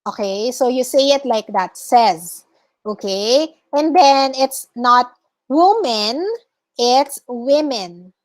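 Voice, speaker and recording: High-voiced Filipino teacher, slow and patient. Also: female voice. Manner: corrects students word by word, repeats pronunciations. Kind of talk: online class pronunciation drill. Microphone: video call.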